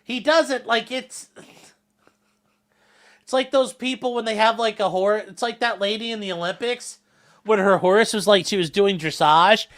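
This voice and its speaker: A man with a high-pitched, somewhat bright voice speaking at normal speed hosts a livestream, reading the chat aloud. He rambles and jokes as he reacts to it in casual stream talk.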